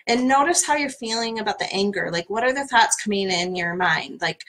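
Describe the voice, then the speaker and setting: A woman coach gently guiding a live-streamed tapping session, speaking in a soothing voice with frequent fillers. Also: medium pitch, expressive, fairly quick, hardly any pauses, poor audio.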